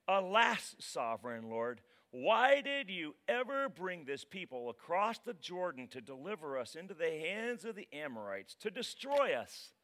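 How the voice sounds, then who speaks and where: A man voicing a distraught biblical leader who cries out to God in loud, pleading complaint. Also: big pitch swings, unhurried, hardly any pauses, exaggerated voice. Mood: anguished. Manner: loud, pleading, high-pitched.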